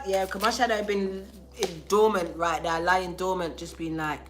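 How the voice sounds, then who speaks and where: A young woman giving a live tarot reading to viewers, loud, profane and animated, with a sore throat. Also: lowish voice, moderate pace, hardly any pauses, soft background music. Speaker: tarot reader.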